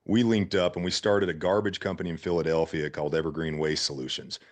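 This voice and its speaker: A man's voice: deep voice, quick pace. A middle-aged man from Utah, telling business stories as a guest in a casual interview and acting out the people he quotes. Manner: animated, acts out quotes. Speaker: guest entrepreneur. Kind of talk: casual storytelling.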